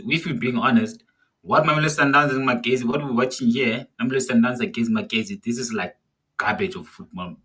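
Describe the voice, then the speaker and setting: Exasperated male football fan, husky voice. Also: lowish voice, pushed and bright. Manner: exasperated, ranting. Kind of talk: live watch-along commentary.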